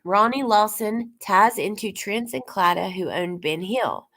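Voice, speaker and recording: A woman's voice: mid-range voice, animated, a little slow, fairly bright tone. A woman YouTuber giving casual, rambling true-crime commentary and talking straight to her viewers. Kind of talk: casual commentary reacting to clips.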